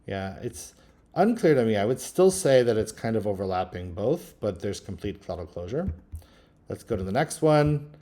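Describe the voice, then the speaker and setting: A man teaching linguistics, talking through a screen-recorded software tutorial in a relaxed, thinking-aloud way with frequent ums. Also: on the low side, normal speed. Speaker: linguistics instructor.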